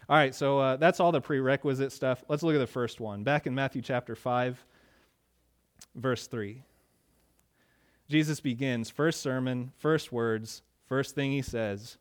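This man's voice is smooth and mid-range, moving at a normal speed. He's a pastor preaching in a conversational way, and his voice climbs emphatically each time he reads a verse aloud.

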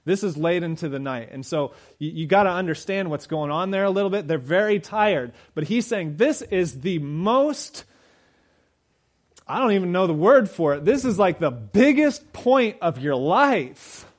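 A middle-aged man preaching a sermon, swinging between loud urgent emphasis and low, quiet storytelling. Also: lively intonation, moderate pace, few pauses.

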